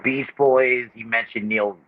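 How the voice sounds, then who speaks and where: A man's voice: medium pitch, fairly even intonation, phone-quality sound. A man co-hosting a movie review chat, mostly adding short confirmations and extra details. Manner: short agreeing replies and quick add-ons. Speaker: podcast co-host reviewing a film. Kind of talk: casual chat.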